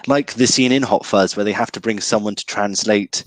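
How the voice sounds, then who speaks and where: Speaking fairly quickly in a lowish voice, a man appears as a guest in a casual chat about a film. He sounds hesitant, restarting often and filling gaps with lots of ums, and the recording is dry.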